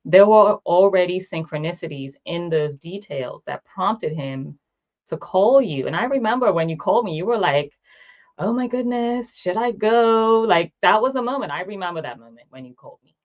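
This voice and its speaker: A woman's voice: lowish voice, animated, fairly quick, lo-fi sound. A woman hosting an interview, emphatic and chatty, often asking "right?". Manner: emphatic, many fillers like "right?". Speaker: interview host. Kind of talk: interview chat.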